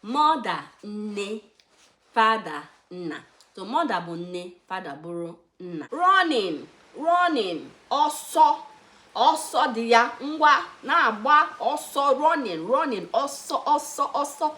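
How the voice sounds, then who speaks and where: Slow, drilling Nigerian woman teacher. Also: fairly high pitch, very animated, pushed and bright. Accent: Nigerian English, Igbo. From Anambra, Nigeria. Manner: slow, repeats words for learners with emphatic drilling. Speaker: Igbo language teacher. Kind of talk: beginner language lesson.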